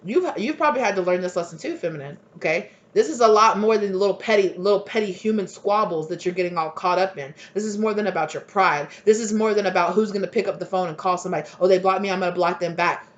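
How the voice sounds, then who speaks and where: A woman giving a casual tarot reading, chatty and emphatic, with lots of fillers and quick laughs. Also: mid-range voice, muffled recording. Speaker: tarot reader.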